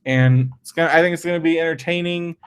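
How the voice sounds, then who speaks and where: A man's voice: fairly high pitch, fairly even intonation, fast, clean tone. A man co-hosting a podcast, chatting casually in meandering, loosely strung sentences. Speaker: podcast co-host. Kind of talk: casual chat.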